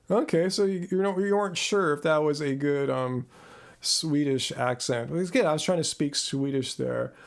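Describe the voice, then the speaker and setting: A man's voice: fairly high pitch, moderate pace, vocal fry. A man from Southern California hosting a live Q&A stream, chatting casually with his viewers, laughing often and stumbling over repeated words as he restarts his sentences. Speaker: host. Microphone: own microphone.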